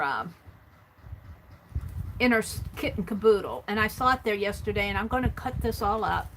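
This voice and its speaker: A woman vlogger casually chatting through her craft supply haul and tallying up prices out loud as she thinks. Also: on the high side, slight background noise, low-quality recording.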